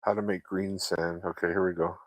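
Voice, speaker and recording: A man's voice: low-pitched, level tone, brisk, a bit bright, no echo. A man chatting casually with viewers while he works, rambling from topic to topic and swearing freely. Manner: loose, chatty, swears freely, laughs often.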